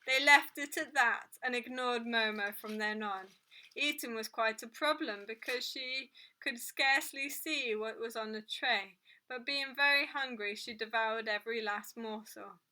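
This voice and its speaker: A woman reading a children's book aloud in a clear, steady way. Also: on the high side, unhurried. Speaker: storyteller.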